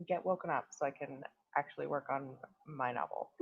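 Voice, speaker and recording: A woman's voice: extremely low pitch, moderate pace, gravelly, breathy edge. A young woman hosting a casual livestream, chatting and greeting viewers with lots of fillers. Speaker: livestream host. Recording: dull lo-fi stream audio.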